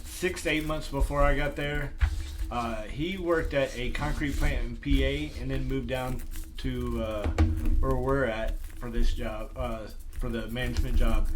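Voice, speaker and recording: A man veteran chatting on a podcast, earnest and a little halting. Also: medium pitch, background noise. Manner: earnest, halting, many "uh" and "I mean". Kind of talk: casual chat.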